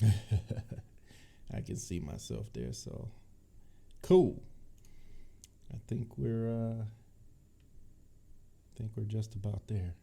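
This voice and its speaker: A man from Cleveland chats loosely on a livestream, relaxed and easygoing with a lot of laughter. His voice sits low and sounds mellow, with a deep bassy weight to it. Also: very slow, gravelly, pauses often, husky. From Cleveland, Ohio. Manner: laid-back, chatty, laughs often. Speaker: tech channel host. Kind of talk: casual livestream chat. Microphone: desk microphone.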